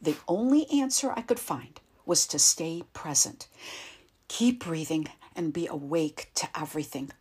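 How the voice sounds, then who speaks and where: A woman narrating a first-person story in a quiet, tense, measured way. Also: sits low, lively intonation, breathy edge.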